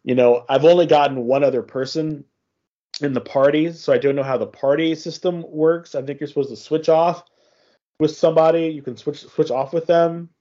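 A man's voice: fairly high pitch, steady tone, mellow, highs cut off. A man casually chatting on a gaming podcast, rambling with many restarts as he recounts a game. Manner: rambling, many restarts, acts out game dialogue in quick voices. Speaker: podcast host.

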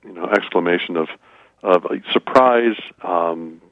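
A man's voice: sits low, a little slow, dry recording, narrow, tinny audio. A man from Minnesota, a weekly guest on a radio talk show, chatting in a rambling, folksy, joking way. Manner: folksy, rambling and joking, often putting on small-town voices. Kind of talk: casual radio banter.

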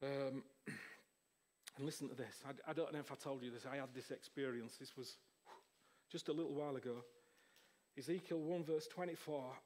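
A man, preaching an informal charismatic sermon in an excitable, rambling way. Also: mid-range voice, normal speed.

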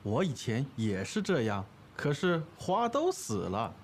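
Woman putting on a grumbling visitor, lowered voice, lively pitch, scripted lesson dialogue. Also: measured pace, slight background noise, exaggerated voice. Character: fussy visitor who finds gardening messy.

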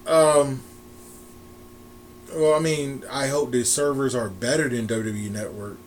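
A man's voice: mid-range voice, a little slow, slight background noise. A man co-hosting a casual wrestling chat podcast, rambling with restarts and frequent laughs. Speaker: podcast co-host.

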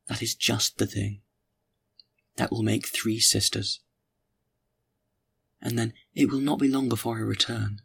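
A man voicing a poor, earnest young mother in a storybook reading, pleading softly. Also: fairly low pitch, gravelly, breathy edge, full character voice.

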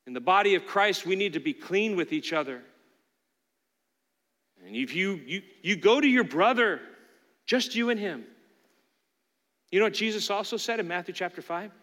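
A man's voice: high voice, animated, moderate pace, pauses often, a bit bright. A man preaching a sermon as pastor, talking earnestly and conversationally to his congregation in a church. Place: church sanctuary. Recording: long hall reverb from a church room.

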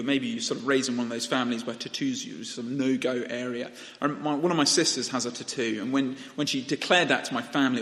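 A young man gives a sermon in a church hall, speaking straight to the congregation in a loose, conversational way. His voice sits at an ordinary middle pitch. Each phrase trails off in the hall's long reverb. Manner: conversational and animated, addresses the congregation directly. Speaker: preacher.

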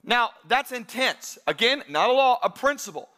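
A man with a high, bright voice preaching to his church. He speaks in a casual, conversational way and leans hard into the scripture he quotes. The tone stays clear and forward. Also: animated, moderate pace. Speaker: pastor. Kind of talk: sermon.

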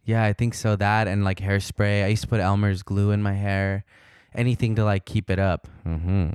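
A man's voice: lowish voice, fairly even intonation, moderate pace, a little mellow, smooth, dry recording, studio quality. A man hosting a casual comedy podcast, talking loosely, swearing and joking. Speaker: podcast host.

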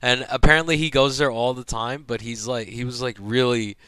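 Young man, casual storytelling, profane, animated, smooth clear voice, dry close sound. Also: medium pitch, a little fast, no room sound. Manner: profane, animated, acts out quotes. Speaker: podcast guest telling a hospital story.

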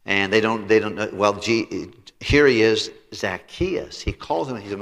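Preaching pastor with a bright voice. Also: male voice, on the low side, a little slow. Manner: preaching with voiced characters and congregational read-alongs. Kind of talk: sermon. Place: church sanctuary. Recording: reverberant church sanctuary.

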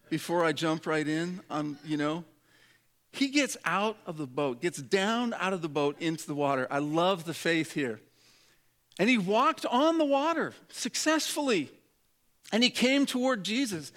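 With a high, fairly bright voice, this male pastor delivers a humorous sermon to the congregation. He keeps it conversational and acts out the voices of the characters in his story.

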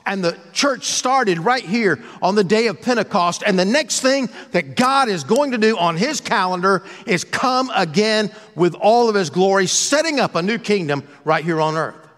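A pastor preaching a sermon in a conversational, joking way, with playful asides. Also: male voice, high voice, animated, moderate pace, hardly any pauses, fairly bright tone, big-room sound.

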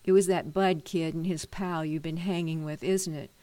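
A woman reading a storybook, voicing a stern but kind middle-aged man with a gruff, commanding manner. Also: sits low, steady tone, normal speed, dark tone, no room sound, lightly acted. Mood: scolding.

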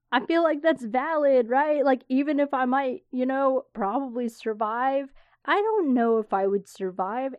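A woman's voice: fairly high pitch, no echo. A woman hosts a solo podcast in a candid, rambling voice, with blunt asides and the odd swear. The recording is dry and slightly dull, with little room sound. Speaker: podcast host. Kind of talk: casual solo podcast talk.

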